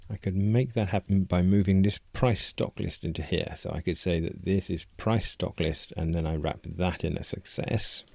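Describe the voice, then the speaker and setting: Man, low voice, gravelly, dry close mic, coding tutorial, thinking aloud. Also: darkish tone, no room sound. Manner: thinking aloud, conversational and explanatory. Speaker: programming tutorial host. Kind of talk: screencast coding walkthrough.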